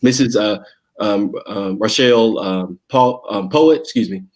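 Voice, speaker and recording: A man's voice: lowish voice, a little slow, a little mellow. Folksy Southwest Virginia man chatting. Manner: folksy, rambling, many restarts and fillers. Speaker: guest, school district director. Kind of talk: casual conversational interview.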